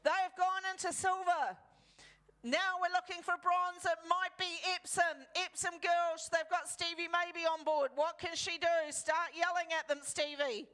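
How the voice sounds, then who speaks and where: High bright-voiced New woman commentator. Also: fairly even intonation, measured pace. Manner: urgent play-by-play calling. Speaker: race commentator. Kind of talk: live rowing commentary.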